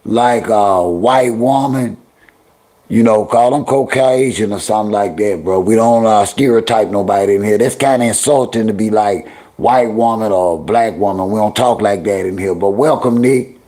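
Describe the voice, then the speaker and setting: Speaking at a moderate pace in a low, dark voice, this middle-aged man hosts a casual livestream. He addresses viewers and chat head-on, scolding them in heavy slang and drawling, repetitive phrasing.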